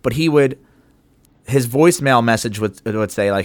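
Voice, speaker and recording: A man's voice: medium pitch, normal speed, no room sound. A man co-hosting a podcast, talking loosely in casual chat, swearing offhand and acting out stories from work. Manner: loose, chatty, swears casually, acts out anecdotes. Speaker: podcast co-host.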